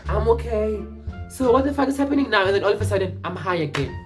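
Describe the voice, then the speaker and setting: A young man from Mpumalanga telling a personal story in a rambling, animated, casual way, with swearing and restarts. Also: high voice, fast talker, music in the background. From Mpumalanga, South Africa.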